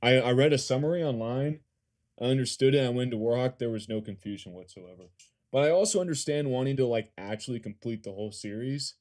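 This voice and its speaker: A man's voice: mid-range voice, fast talker, darkish tone. A young man from California with a Californian accent, chatting casually on a live stream, reading and answering chat questions, laid-back and swearing freely.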